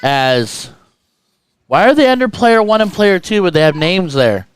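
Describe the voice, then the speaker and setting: A man's voice: high voice, measured pace, clean tone, faint music behind. A man doing casual, joking commentary on a darts livestream. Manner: joking, teasing, animated. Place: indoor event stream room.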